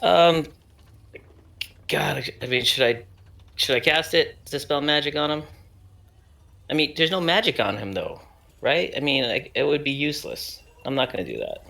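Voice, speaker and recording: A man's voice: on the high side, big pitch swings, moderate pace, creaky, pauses often, pushed and bright. A man playing a tabletop game, thinking aloud hesitantly and asking the game master questions. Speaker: player.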